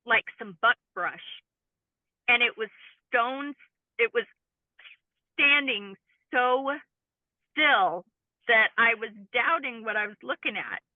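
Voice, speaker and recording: An interview guest who does cryptid field research tells of a personal encounter in earnest detail, her high-leaning voice slow, lively in intonation, and often pausing. The sound comes through a tinny phone-like line and is completely dry.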